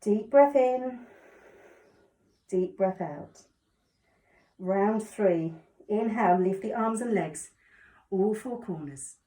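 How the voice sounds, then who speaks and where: A woman calmly guiding a yoga class with encouraging cues. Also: mid-range voice, slow, pauses often. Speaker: yoga instructor. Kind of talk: guided exercise instruction. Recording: echoey room, distant mic.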